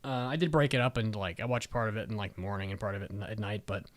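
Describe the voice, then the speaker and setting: A man's voice: fairly low pitch, racing. Blunt, profane man rambling on a podcast. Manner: blunt, profane, lots of "like" fillers. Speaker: podcast co-host. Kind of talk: casual chat.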